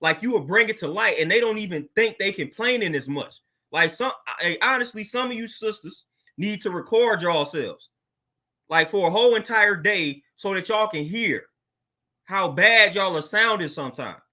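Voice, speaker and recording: A man's voice: sits high, expressive, normal speed, bright, forceful tone. A man hosting his own show, talking casually in a laid-back, slang-filled monologue and laughing often. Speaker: podcast host.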